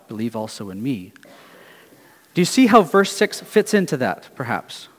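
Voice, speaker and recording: Man preaching in a reverberant hall. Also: fairly high pitch. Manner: earnest, questioning preaching with quiet dropped phrases. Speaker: pastor. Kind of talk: sermon.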